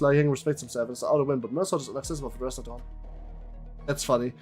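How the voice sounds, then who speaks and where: Excitable young man streaming a game. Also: mid-range voice, rapid-fire, husky, faint music behind. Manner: excitable, swearing, reacting out loud. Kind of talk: live game stream commentary.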